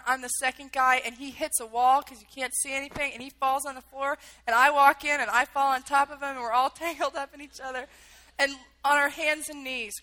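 A woman's voice: high-pitched, bright, forceful tone, poor audio. A woman telling a personal story in a vivid, emotional way, acting out the quotes.

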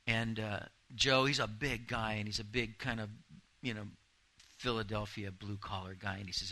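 A man's voice: lowish voice, fairly even intonation, moderate pace, pushed and bright, rough recording. A man in his fifties, a pastor preaching an earnest, emphatic sermon.

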